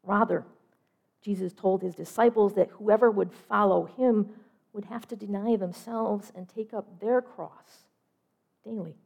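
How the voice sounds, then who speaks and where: A middle-aged woman giving a measured, reflective sermon, trailing off softly at the ends of phrases. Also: medium pitch, steady tone, gravelly. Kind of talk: sermon storytelling.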